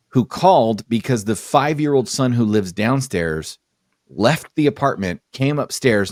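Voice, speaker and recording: Low-voiced guy telling a cop story on a podcast, acts out the dialogue, dry mic. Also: no room sound. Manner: animated storyteller acting out his own dialogue. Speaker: podcast host. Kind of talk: casual storytelling.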